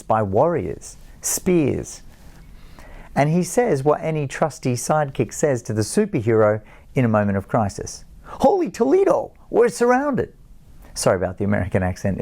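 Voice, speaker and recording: A man's voice: medium pitch, darkish tone. A middle-aged man giving a chapel sermon, telling the story with animation and self-deprecating asides. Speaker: college chapel speaker.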